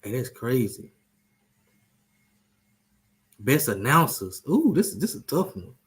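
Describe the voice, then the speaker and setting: Guy hosting a sports talk show, loose and jokey, likes to trash talk, regular-pitched voice. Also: big pitch swings, slow pace. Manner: loose, joking, trash-talking. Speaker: show host. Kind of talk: casual sports chat.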